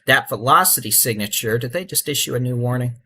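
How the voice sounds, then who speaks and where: This middle-aged weather livestream host has a drawl and an ordinary pitch, talking fast with a slightly rough voice. He gives live severe weather commentary over storm radar in a relaxed, folksy manner, but turns urgent when warning people to take shelter.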